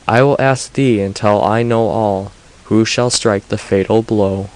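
Male reader as the sorrowful god-king, low-voiced, solemn and measured. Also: fairly even intonation, darkish tone, poor audio. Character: grieving old king of the gods, stern. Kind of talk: audiobook reading.

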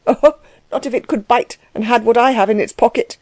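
Here is an overwrought young man on the edge of tears, his voice jumping high and shrill as he rages, played by a woman reading an audiobook. The tone stays soft and mellow and the sound is dry and close. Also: brisk, no room sound, lightly acted. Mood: spiteful. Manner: shrill, raving outbursts. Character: agitated jealous young man, near tears. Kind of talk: audiobook character voice.

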